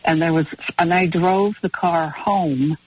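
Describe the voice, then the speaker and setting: A woman's voice: on the low side, fairly even intonation, unhurried, a little mellow, slight background noise. A woman co-hosting a radio show, chatting casually and rambling through long anecdotes. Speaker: radio co-host. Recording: dull, dry radio broadcast audio.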